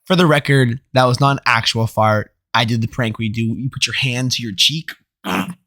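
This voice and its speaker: A man's voice: medium pitch, fairly quick, sharp tone. A young man co-hosting a comedy podcast, laughing often as he chats. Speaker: podcast co-host. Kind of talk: casual comedic chat.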